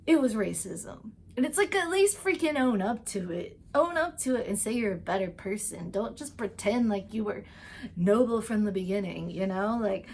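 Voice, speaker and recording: Woman vlogger doing a tv recap, kinda high voice, rambly and excited, does little voices for the characters. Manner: chatty and gushing, full of "like" and "um"; acts out characters' lines in quick asides. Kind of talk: casual TV episode recap.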